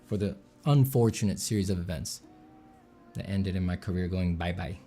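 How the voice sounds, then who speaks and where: A man's voice: low voice, normal speed, dark tone, faint music behind. A man, an artist, chatting casually with viewers while drawing, rambling and joking at his own expense. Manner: joking, rambling, self-mocking. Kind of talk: casual livestream chat.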